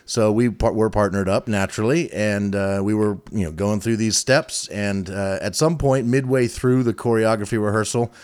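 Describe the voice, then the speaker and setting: A man co-hosting a podcast in casual chat, an animated storyteller with many fillers. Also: fairly low pitch, normal speed, few pauses, clear, resonant tone. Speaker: podcast co-host.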